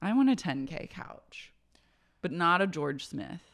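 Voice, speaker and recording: Woman, young adult, casual podcast chat, playful, animated pitch. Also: unhurried, creaky. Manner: playful, slips into mock voices of the people discussed. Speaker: podcast co-host.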